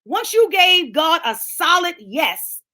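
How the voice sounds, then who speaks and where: Speaking slowly with big swings in pitch, this middle-aged woman delivers a fervent, sermon-like empowerment talk over lunch. Her voice is high and bright, her phrasing colloquial, and she addresses listeners by name, building up to shouting.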